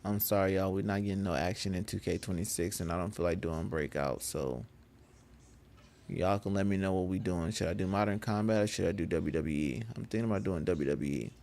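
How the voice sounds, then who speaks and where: A man chatting casually with viewers on a gaming live stream, laughing often and getting animated when he rants. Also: deep voice, fairly quick, creaky. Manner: laid-back, laughs often, gets animated when ranting.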